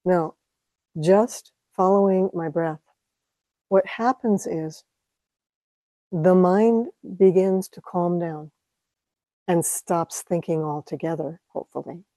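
A woman teaching meditation to an audience, speaking calmly and reflectively with light laughs. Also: lowish voice, slow pace, long pauses, dry recording, poor audio. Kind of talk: dharma talk to an audience.

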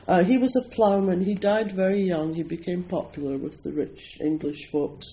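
This low-quality recording captures an older man from Scotland introducing a poem at a Zen centre in a casual, digressive way, with frequent laughter. He speaks at a normal speed in a high-pitched voice that is dark in tone and fairly even in intonation.

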